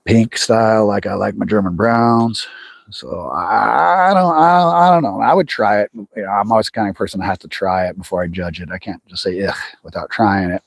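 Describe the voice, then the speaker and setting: A man's voice: fairly low pitch, brisk, creaky, no echo, clean studio sound. A man hosting a fishing livestream from a lake, chatting casually and rambling with folksy restarts. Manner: rambling and folksy, restarts words, speaks directly to viewers. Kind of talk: casual live chat while fishing. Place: lake outdoors.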